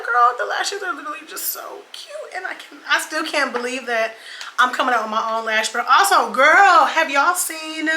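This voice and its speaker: The voice is high-pitched, bright and forceful: a beauty vlogger in her twenties doing her makeup while casually telling a dating story, full of cursing and y'alls and girls. Recorded in an echoey room with faint ambience and slight background noise for her get-ready-with-me storytime.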